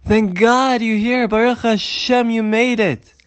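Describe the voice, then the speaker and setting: A man voicing a revered old rabbi who shouts urgent commands in a raised voice. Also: extremely high pitch, steady tone, measured pace, clear, resonant tone, no room sound, pitched above the performer's own voice. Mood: relieved.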